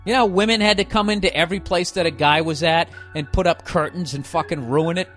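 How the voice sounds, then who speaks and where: A man's voice: fairly high pitch, fairly quick, fairly bright tone, faint music behind. A male comedian on a podcast, delivering a heavily profane, sarcastic rant in a hot indoor room.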